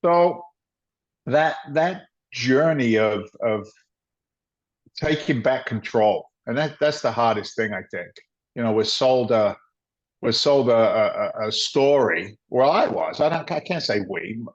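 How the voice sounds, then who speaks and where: A middle-aged man, a guest, telling his story in a blunt, animated way, sometimes acting out other people's lines. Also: mid-range voice, measured pace. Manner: animated storyteller, acts out dialogue, blunt and salty. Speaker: guest, former firefighter turned real estate investor. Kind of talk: conversational storytelling. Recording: dull lo-fi audio.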